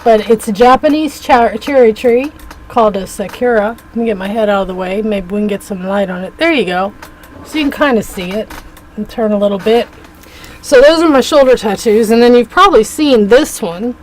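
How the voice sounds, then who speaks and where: Chatty woman opening her mail, voice a bit high, easily delighted, faint hum of room noise. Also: rough recording. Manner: chatty and effusive, quick to gush. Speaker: craft vlogger. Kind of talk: casual chat while unboxing mail.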